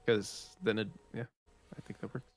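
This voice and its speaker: A co-host who chats casually, reacting quickly with laughing asides. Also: mid-range voice, level tone, soft background music. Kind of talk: casual live-stream radio chat.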